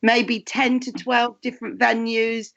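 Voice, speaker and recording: A woman's voice: a little high, flat delivery, measured pace, creaky, a bit bright. Chatty English woman, muffled sound. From England. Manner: chatty, rambling with restarts and asides. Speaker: tarot reader and actress, co-host. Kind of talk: casual chat.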